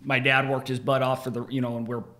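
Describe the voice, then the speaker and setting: A young man, a bull rider, chatting as a guest in a halting way, often repeating words as he starts. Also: medium pitch, little pitch movement, sharp tone. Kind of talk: casual interview chat.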